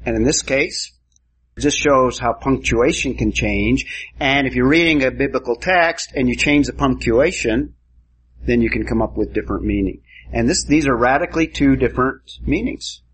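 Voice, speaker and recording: A man's voice: medium pitch, moderate pace, fairly bright tone, breathy edge, low-quality recording. A man teaching a class, giving a lecture and quizzing students with questions.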